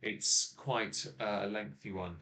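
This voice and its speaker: A man from England hosts a casual live stream from a small home office, speaking through a laptop microphone. His voice sits a little low, and he rambles with plenty of ums and uhs while teasing his co-host. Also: steady tone, takes it slowly, bright, forceful tone. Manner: rambling, filler-heavy, teasing.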